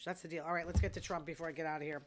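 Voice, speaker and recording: A woman's voice: sits low, little pitch movement, racing, slight background noise. A middle-aged woman hosting a show, chatting casually and gossiping about reality TV with amused asides. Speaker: podcast host.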